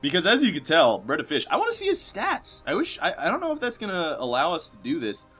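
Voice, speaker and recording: Bright-voiced young man rambling over game credits. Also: a little high, wildly swooping pitch, fast talker, slightly rough, soft background music. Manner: rambling, jokey, swings between loud bursts and mumbling. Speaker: let's play host.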